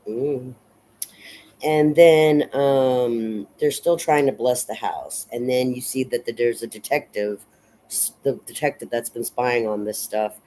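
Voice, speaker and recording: A woman casually recapping and analyzing a film in a rambling, unhurried way, full of fillers and restarts. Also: a bass voice, steady tone, dark tone, slight background noise, rough recording. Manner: unhurried and reflective. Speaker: film reviewer.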